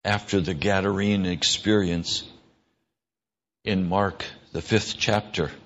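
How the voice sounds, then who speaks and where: A man preaching a sermon in an earnest voice, his pitch rising when he stresses a point or acts out a quick exchange. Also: fairly even intonation, fairly bright tone, muffled recording. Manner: earnest, rises in pitch for emphasis and mimicked dialogue.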